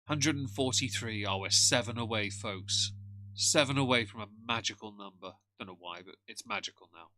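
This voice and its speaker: A man's voice: fairly low pitch, normal speed, sharp tone. A man chatting casually on a live stream, greeting chat members by name and joking. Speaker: streamer reacting to a video.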